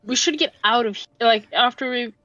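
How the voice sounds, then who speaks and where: A woman's voice: on the high side, a little fast, bright, forceful tone, no echo, lo-fi sound. A woman playing in a tabletop game, planning the party's next steps in an earnest, practical way.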